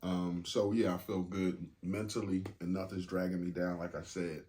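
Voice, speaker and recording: A man's voice: low voice, little pitch movement, normal speed, a little mellow. A man hosting a podcast in casual chat, laid-back and joking, swearing freely. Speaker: podcast host.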